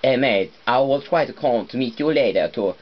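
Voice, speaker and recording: A man's voice: mid-range voice, lively intonation, normal speed, dull audio, natural voice. A man putting on a British accent to play a chummy bloke who keeps calling out "mate" and invites a friend over. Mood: inviting. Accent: British (imitated).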